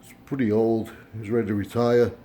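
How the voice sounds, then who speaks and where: A man's voice: fairly low pitch, brisk, a little hiss or hum. An older man hosting his own channel, telling a long story in a casual, meandering monologue full of fillers and retold dialogue. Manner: meandering storytelling with fillers, voice rising into animated retelling. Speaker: YouTube channel host. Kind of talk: casual rambling monologue to camera.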